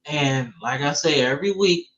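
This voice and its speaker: A man's voice: on the high side, moderate pace, fairly bright tone. A man hosting a casual football talk show in a laid-back, slangy way, peppering his talk with "man" and "bro". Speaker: podcast host. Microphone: streaming setup, remote call. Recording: dull lo-fi stream audio.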